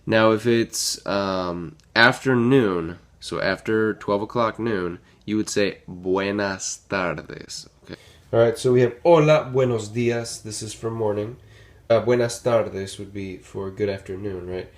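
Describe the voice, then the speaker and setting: A man's voice: fairly low pitch, measured pace. A man teaching a language lesson at a whiteboard in a casual, patient way, repeating phrases and checking in with "okay?" and "right?". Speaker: Spanish teacher.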